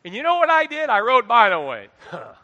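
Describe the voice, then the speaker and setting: A middle-aged man preaching a sermon into a microphone, animated, swinging between quiet asides and loud exhortation. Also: very high-pitched, fast talker. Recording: long hall reverb.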